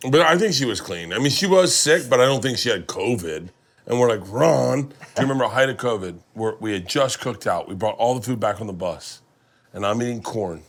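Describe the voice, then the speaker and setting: Animated middle-aged male storyteller. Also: mid-range voice, brisk. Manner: animated storyteller, acts out quotes from friends. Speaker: host. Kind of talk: storytelling among friends.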